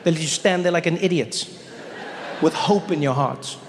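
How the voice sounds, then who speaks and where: A male comedian performing stand-up on stage, his voice sitting a touch high for a man. He talks animatedly and leaps upward into mock voices. The sound rolls around a large hall with long reverb over faint hiss. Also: moderate pace. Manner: animated, jumps up in pitch for quoted voices.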